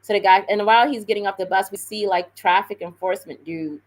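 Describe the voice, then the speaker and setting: A woman's voice: mid-range voice, fairly even intonation, fast talker, poor audio. A woman on a live stream telling a story in a casual, rambling way, full of fillers and self-corrections.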